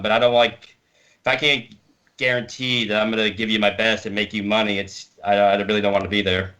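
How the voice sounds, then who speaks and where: A man speaking over a video call as an interview guest, telling casual stories with animated, profane retellings of what people said. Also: mid-range voice, brisk. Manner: animated, swearing, acts out quotes. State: hard of hearing. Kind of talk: casual storytelling.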